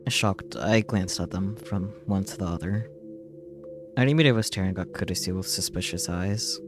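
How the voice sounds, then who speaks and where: Low-voiced man reading a visual novel aloud. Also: moderate pace. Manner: dubs lines over the game audio, joking asides. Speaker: streamer. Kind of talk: reading game text aloud with commentary. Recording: game music behind the voice.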